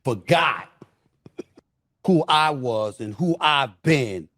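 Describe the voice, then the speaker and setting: A man's voice: medium pitch, expressive, slow, fairly bright tone. A man talking as a podcast guest, blunt and emphatic, repeating himself for stress. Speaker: podcast guest, media personality. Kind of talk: casual podcast conversation.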